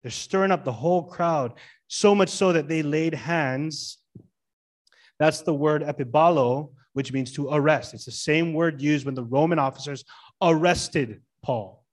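Lively preaching man, somewhat high voice. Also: a little slow. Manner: lively, asks the church questions, stresses words. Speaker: pastor. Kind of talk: sermon.

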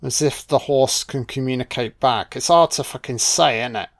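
A man's voice: mid-range voice, moderate pace. A man giving a casual, jokey, sweary film commentary. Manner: laid-back, sweary, jokey.

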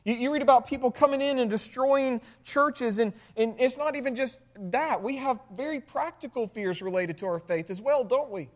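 A pastor preaching in a church with a long, ringing echo, the voice sitting in a middle pitch. The sermon leans on rhetorical questions to the congregation and dry, sarcastic asides. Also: moderate pace, hardly any pauses. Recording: long hall reverb.

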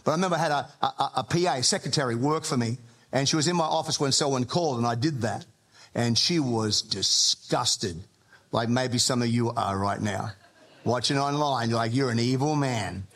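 A man, a pastor, preaching a sermon in a relaxed, humorous, conversational storytelling style. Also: mid-range voice, moderate pace. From Australia.

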